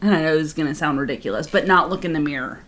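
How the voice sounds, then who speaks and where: A woman's voice: sits low, racing, fairly bright tone. A woman co-hosting a podcast in frank, casual chat, swearing freely and leaning on lots of fillers. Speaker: podcast co-host.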